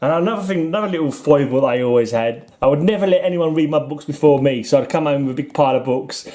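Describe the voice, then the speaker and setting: A middle-aged man with a British accent rambles through a casual vlog chat. His voice sits slightly high but sounds mellow and relaxed. He talks in loose, self-deprecating asides with frequent chuckles. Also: quick pace. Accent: British English. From United Kingdom. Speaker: comic collector vlogger. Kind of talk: casual chat while flipping through comics.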